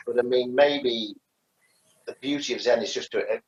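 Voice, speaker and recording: A man's voice: medium pitch, fairly even intonation, normal speed. A man co-hosting a casual podcast chat, rambling with many restarts and fillers. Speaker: podcast co-host, karate teacher. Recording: echoey, dull lo-fi sound.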